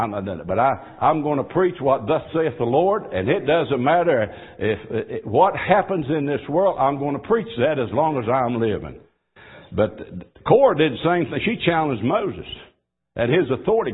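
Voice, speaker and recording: A man preaching a sermon. He moves between quiet, folksy asides and loud, fervent exhortation. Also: medium pitch, breathy edge. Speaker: pastor. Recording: tinny phone-like audio.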